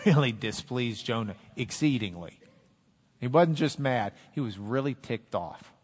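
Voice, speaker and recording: A man preaching a sermon, animated, quoting scripture in dramatic voices. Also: medium pitch, husky. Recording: long hall reverb.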